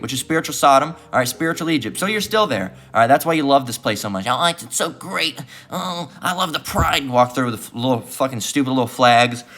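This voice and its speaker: A man's voice: mid-range voice, fairly bright tone. Profane, fired-up male preacher. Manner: heated and profane, repeating "all right" constantly; mocking voices of opponents. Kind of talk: street-style religious teaching.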